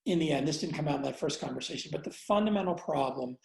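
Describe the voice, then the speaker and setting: A man recounts a personal story as an interview guest, reflective and unguarded, stopping and restarting his sentences. His voice has a gravelly fry and the room rings with noticeable echo. He swears casually and talks without polish. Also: a little high, lively intonation, a little mellow. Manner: reflective, halting, many fillers and restarts. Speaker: interview guest, entrepreneur and investor. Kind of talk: candid conversational storytelling.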